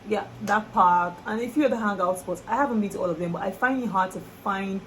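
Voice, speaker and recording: Young Nigerian woman vlogger, animated and expressive, light background noise. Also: mid-range voice, fast, poor audio. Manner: lively, exclamatory, laughing. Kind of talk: casual chat to camera.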